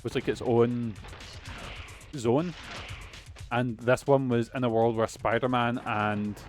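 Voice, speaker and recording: A young man streaming a video game, chatting casually, rambling, swearing and losing his train of thought, with soft music underneath. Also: medium pitch, fairly even intonation, takes it slowly. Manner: rambling, swears often, trails off mid-thought. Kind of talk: casual let's-play commentary.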